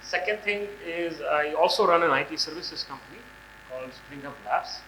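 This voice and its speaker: Hoarse man in his 40s, halting talk, bright edgy voice, roomy hall with faint hum. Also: fairly high pitch. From India. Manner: halting, many fillers and restarts. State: hoarse from a cold. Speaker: guest speaker. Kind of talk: conference talk. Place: large hall on stage.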